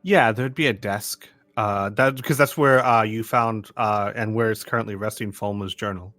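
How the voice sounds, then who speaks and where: A man runs a tabletop session as game master, his voice bright and forceful. He talks in a loose, halting way full of fillers. The sound is dry and close. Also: lowish voice, dry recording. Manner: relaxed, hesitant with many fillers. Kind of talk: running a tabletop game over voice chat.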